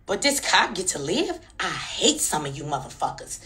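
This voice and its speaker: Fiery, bright-voiced woman ranting. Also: on the low side, very animated, normal speed, few pauses. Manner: angry, profane and emphatic, with rhetorical questions. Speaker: social media commentator. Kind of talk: heated commentary rant.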